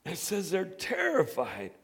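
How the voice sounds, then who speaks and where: A man preaching a sermon as earnest storytelling, moving between hushed, quiet passages and loud, excited bursts. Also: sits high, unhurried, vocal fry, breathy edge. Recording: long reverb of a hall.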